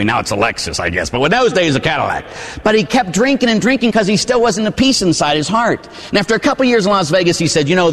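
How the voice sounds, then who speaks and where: A priest in his forties from Pittsburgh, preaching a sermon with lively storytelling and frequent rhetorical asides. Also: a little high. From Pittsburgh, USA. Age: 40s. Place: church. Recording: long church reverb.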